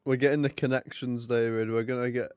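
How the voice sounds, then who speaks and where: A man's voice: mid-range voice, little pitch movement, a little fast, darkish tone, clear, resonant tone, no echo, clean studio sound. A young man chatting and joking casually while hosting a live hockey watch party. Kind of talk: casual live commentary and chat.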